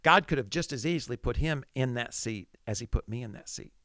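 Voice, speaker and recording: A man's voice: medium pitch, lively intonation, brisk, pushed and bright, no room sound, clean studio sound. A middle-aged man, a pastor, telling a personal story in a sermon-like way, acting out his own thoughts with feeling.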